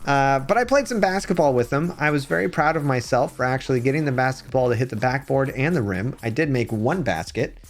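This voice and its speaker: Guy chatting on his live stream, voice bouncing all over, rambly and animated, faint music behind. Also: mid-range voice, brisk, hardly any pauses. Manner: rambling, animated storytelling with chat shout-outs. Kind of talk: casual live-stream chat.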